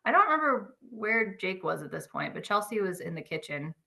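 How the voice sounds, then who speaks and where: A woman on a casual podcast telling a personal story, animated, acting out quoted lines and laughing often. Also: mid-range voice, fairly quick, creaky.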